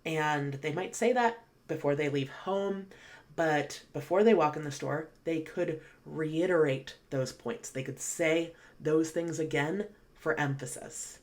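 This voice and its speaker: Low-voiced woman teaching vocabulary. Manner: clear, patient explaining with slow read-aloud examples. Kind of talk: online vocabulary lesson.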